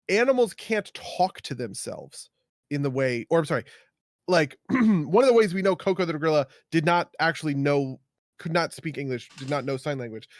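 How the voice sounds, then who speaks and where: A man's voice: on the high side, no room sound, studio quality. A man co-hosting a casual podcast, rambling with many fillers and tagging his points with "right?". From United States. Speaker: podcast co-host. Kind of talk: casual chat.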